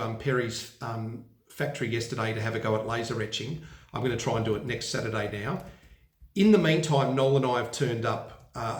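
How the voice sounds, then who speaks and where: A man with an Australian accent talking casually to his viewers. He muses aloud, corrects himself as he goes and often asks viewers for answers. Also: mid-range voice. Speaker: vlogger. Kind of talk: casual unscripted vlog talk. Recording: roomy echoey room.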